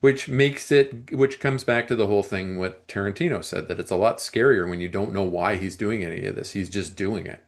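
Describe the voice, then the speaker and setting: A man co-hosting a movie review podcast, talking casually and at length, often clearing his throat and restarting his sentences. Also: on the low side, a little fast, few pauses.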